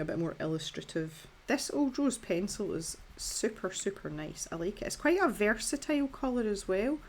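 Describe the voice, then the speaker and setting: A Scottish woman in her thirties, her voice lowish, talks casually through a colouring tutorial against slight background noise. Her manner is chatty and self-deprecating, with filler words and restarts.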